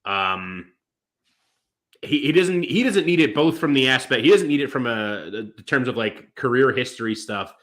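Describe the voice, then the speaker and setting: A man's voice: mid-range voice, lively intonation, normal speed, fairly bright tone. A man co-hosting a wrestling podcast, talking casually in long rambling turns full of fillers and restarts. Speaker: podcast co-host.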